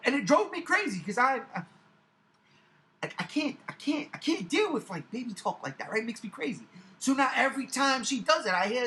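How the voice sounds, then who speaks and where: A man in his forties rants to camera as host of his own channel, swearing freely and hammering his points home by repeating them. His pitch leaps and dips all over the place, and his tone is bright and forceful. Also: normal speed, vocal fry. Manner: animated, profane, emphatic, repeats himself for effect. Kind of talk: casual ranting commentary to camera.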